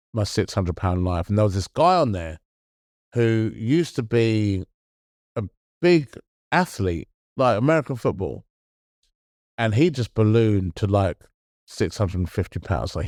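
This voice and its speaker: A middle-aged man speaks in an earnest, halting way, often restarting his sentences as he talks things through. His voice sits fairly low. The recording is dry and close, with no room sound. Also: a little mellow, no echo. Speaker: podcast co-host. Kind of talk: casual chat.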